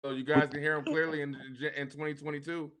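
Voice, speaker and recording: A man's voice: on the high side, little pitch movement, fast talker, a loud crowd. Male podcast co-host who is a parent. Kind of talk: casual live podcast banter.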